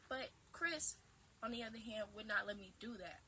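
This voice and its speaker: A woman in her twenties tells a casual storytime vlog at home in a bright, forward voice. She talks animatedly and acts out dramatic retorts. The camera mic picks her up in an ordinary room. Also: on the high side, normal speed, a little hiss or hum, low-quality recording. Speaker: vlogger.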